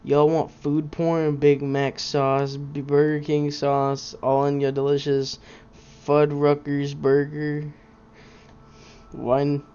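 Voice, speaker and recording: A man's voice: on the high side, monotone, takes it slowly, dark tone, smooth, dull audio. A man on a game stream chatting in an easygoing way, reacting to the chat and his co-host.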